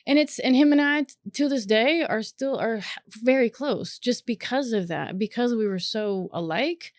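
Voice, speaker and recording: A woman hosting a podcast in casual chat, earnest and animated, with plenty of swearing. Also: on the high side, normal speed, no room sound. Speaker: podcast host.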